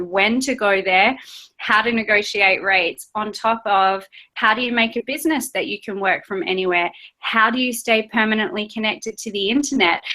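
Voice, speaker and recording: An Australian woman speaks as the guest of an interview, a coach describing her business with an upbeat, enthusiastic drive. Her voice is bright and forward. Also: medium pitch. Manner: upbeat, enthusiastic self-promotion. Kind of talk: casual interview chat.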